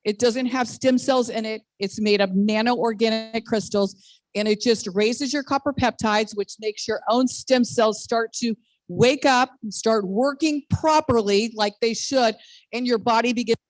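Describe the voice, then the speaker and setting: A woman in her sixties giving a bubbly, excited sales pitch full of personal testimonies on a video call, laughing at herself now and then. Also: measured pace, no room sound, rough recording. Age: 60s. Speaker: network marketing presenter.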